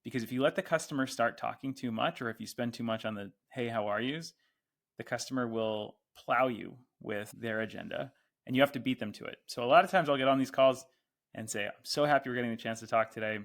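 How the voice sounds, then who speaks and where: A man on a podcast walking through tips for calming down angry customers, acting out calls with a playful, teasing manner. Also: medium pitch, a little fast, vocal fry. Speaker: podcast guest. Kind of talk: casual podcast chat.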